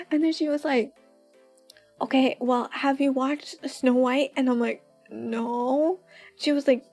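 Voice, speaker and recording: Soft-spoken high young woman streamer. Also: normal speed, faint music behind. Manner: giggly, rambling, says "like" often. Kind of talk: soft-spoken casual chat with viewers.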